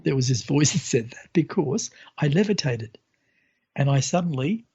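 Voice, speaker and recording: A man tells his story in a relaxed, meandering way, pausing on fillers and acting out what others said. His voice is husky, and the recording sounds muffled and lo-fi. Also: fairly high pitch. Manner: animated retelling, hesitant with fillers, voices others in quotes. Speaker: guest sharing spiritual experiences. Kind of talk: casual storytelling.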